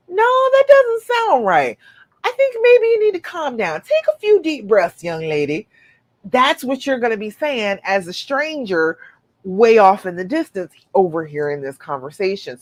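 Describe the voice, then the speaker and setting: A woman's voice: on the low side, no room sound. A woman hosting a live relationship-coaching show, answering viewer questions in an earnest, encouraging way and acting out imagined inner voices.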